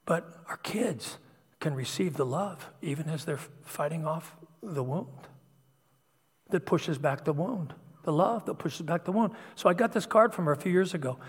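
Husky man preaching in a big hall. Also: fairly high pitch, lively intonation, normal speed. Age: middle-aged. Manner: confessional, emotional, drops to whispers and surges louder. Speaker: pastor. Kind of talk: personal testimony sermon. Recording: long hall reverb.

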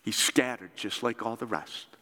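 A man preaching a sermon in a lively, conversational storytelling way. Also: mid-range voice, moderate pace, long reverb tail. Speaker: pastor.

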